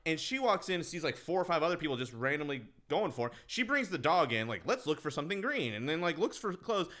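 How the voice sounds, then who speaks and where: Bright-voiced man retelling a movie. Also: a little high, fast. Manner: animated storytelling, acting out movie lines, swearing. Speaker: podcast co-host. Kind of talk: casual chat.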